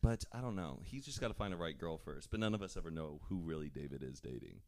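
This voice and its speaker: A man chatting casually on a podcast, laughing often and reacting quickly. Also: a bass voice, animated, darkish tone, no room sound. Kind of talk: casual chat.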